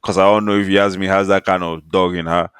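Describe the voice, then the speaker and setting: A man co-hosting a podcast, talking in casual slang, animated and laughing while he makes his points. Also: deep voice, fairly quick, clear, resonant tone, no echo, clean studio sound. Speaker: podcast co-host.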